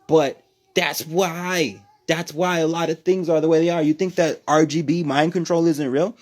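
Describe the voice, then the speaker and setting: A man from New Mexico hosting a casual livestream from home, talking in a profane, rambling, animated way. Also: on the high side, moderate pace. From New Mexico, USA. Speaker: livestream host.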